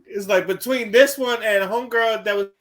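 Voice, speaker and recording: A man's voice: sits high, normal speed, a bit bright. A man cohosting a podcast in casual chat, profane and laughing as he stumbles over repeated words.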